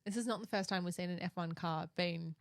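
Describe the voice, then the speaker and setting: A woman's voice: lowish voice, quick pace, dry recording, clean studio sound. A woman from Australia co-hosting a podcast in casual chat, rambling a bit with fillers. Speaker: podcast co-host.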